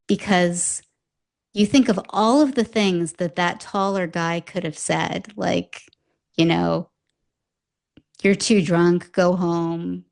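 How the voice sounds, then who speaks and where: Woman co-host, lowish voice, lively storyteller recap, pops into character quotes. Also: creaky. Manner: animated storyteller, acts out quotes. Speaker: podcast co-host recapping an anime. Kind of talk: casual recap and commentary.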